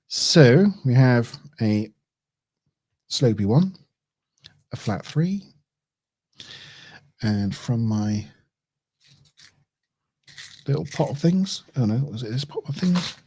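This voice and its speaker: A man's voice: medium pitch, a little mellow. A man chatting casually on a livestream as he builds a model kit, thinking aloud, chuckling and correcting himself as he goes. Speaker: streamer.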